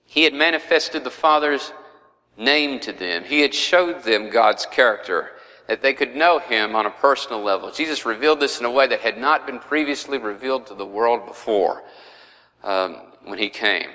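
A man's voice: mid-range voice, lively intonation, normal speed, bright, forceful tone, big-room sound, poor audio. A man teaching a verse-by-verse Bible study in a conversational way, with frequent fillers.

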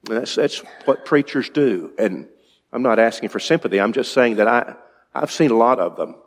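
A man's voice: mid-range voice, lively intonation, normal speed. A male preacher giving an evening sermon in a conversational way, asking his congregation questions. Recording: long reverb in a large hall.

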